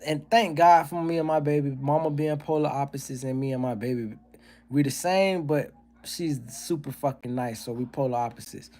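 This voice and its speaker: A man's voice: on the high side, moderate pace, darkish tone. A man hosting a livestream, talking casually and working through comedy bits in a profane, ranting way. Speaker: livestream host.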